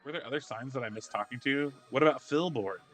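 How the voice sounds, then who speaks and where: A man's voice: medium pitch, quick pace, fairly bright tone, soft background music. A man streaming a video game, wryly commenting and reading out its dialogue. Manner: wry, reads game dialogue aloud. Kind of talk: gameplay commentary.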